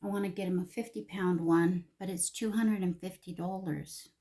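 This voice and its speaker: A woman's voice: on the low side, fairly even intonation, moderate pace, warm tone. An older woman chatting while getting ready, emotional and confiding, sometimes dropping to a whisper. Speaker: vlogger.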